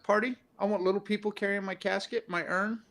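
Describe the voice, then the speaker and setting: A man's voice: high voice, fairly even intonation, fairly quick, fairly bright tone. A man in casual podcast chat, joking and emphatic.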